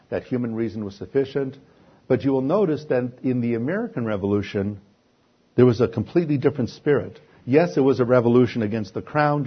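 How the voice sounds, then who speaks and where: Husky man preaching a sermon. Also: medium pitch, dull audio. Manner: asks rhetorical questions and answers them himself.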